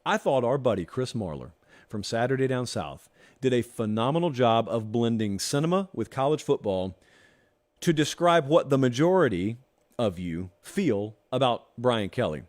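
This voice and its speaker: A man hosting a sports talk show, talking straight to his viewers in an animated, sarcastic monologue. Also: mid-range voice, normal speed. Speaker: host.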